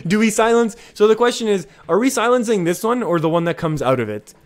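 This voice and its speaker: A man streaming a card game, chatting casually with his viewers and reacting with excitement to each play. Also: sits high, normal speed. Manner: chatty, reads chat aloud, excitable. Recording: faint music behind.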